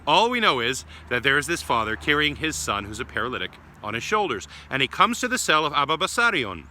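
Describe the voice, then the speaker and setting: Priest guy telling a little saint story, warm and gentle, sharp bright voice. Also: medium pitch, very animated, fairly quick, a little hiss or hum. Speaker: Orthodox priest. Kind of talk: short homily with storytelling. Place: church grounds.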